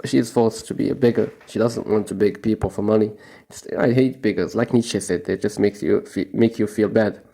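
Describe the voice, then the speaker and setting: A stoned young vlogger with a low, gravelly voice rambles through a casual monologue full of profanity. He sounds mellow and unhurried and keeps breaking into laughter.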